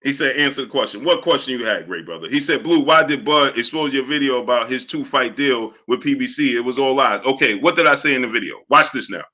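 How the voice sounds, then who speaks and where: A man hosting a live stream, greeting viewers by name and repeating catchphrases in a lively way. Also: medium pitch, fast talker, few pauses. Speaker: live-stream host reading viewer chat. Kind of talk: casual live-stream chat.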